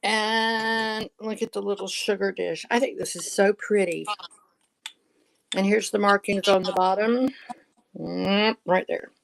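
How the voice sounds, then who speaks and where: A woman with a drawl talks through a live vintage sale in an easy, chatty way, laughing often. She speaks slowly and unhurriedly. A faint hiss sits under her voice. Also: medium pitch, fairly even intonation, gravelly, poor audio. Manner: chatty, laughs often, shows items one by one. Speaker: online reseller hosting a live sale. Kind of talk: casual live-sale chat.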